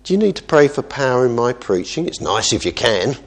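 A man's voice: medium pitch, very animated, brisk. Earnest man preaching a sermon. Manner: earnest, shifts between soft asides and emphatic exhortation. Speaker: pastor.

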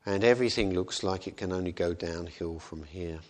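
A man's voice: low voice, normal speed. A man preaching a sermon in a conversational way, often asking rhetorical questions.

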